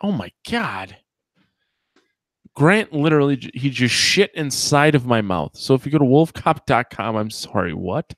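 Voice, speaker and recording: A man's voice: mid-range voice, big pitch swings, normal speed, fairly bright tone, dry recording, clean studio sound. Joking, crude male podcast host. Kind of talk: casual chat.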